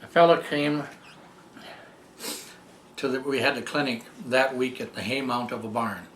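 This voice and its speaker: An older man telling a personal story as a testimonial, rambling and halting, with many fillers and restarts. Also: medium pitch, fairly bright tone, echoey room, a little hiss or hum. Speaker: patient giving a testimonial. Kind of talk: storytelling tribute.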